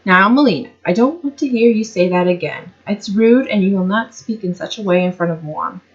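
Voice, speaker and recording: A woman's voice: medium pitch, a little fast, lightly acted. A woman voicing a caring, fussy mother who scolds her daughter, in a slightly muffled recording. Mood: fussing.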